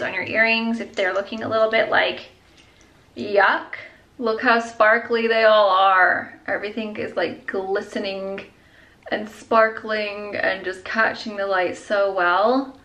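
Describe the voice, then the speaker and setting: A woman's voice: medium pitch, pushed and bright, rough recording. A young woman vlogging about her jewelry in a gushing, chatty way, with gasps and whispered asides. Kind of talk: casual chat.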